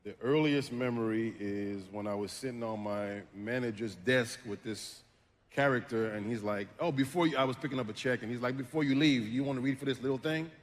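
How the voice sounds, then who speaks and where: A man whose first language is French, a voice actor telling anecdotes on a panel, relaxed and often laughing. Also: medium pitch, a little fast. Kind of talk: casual panel storytelling. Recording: long reverb from a convention hall stage.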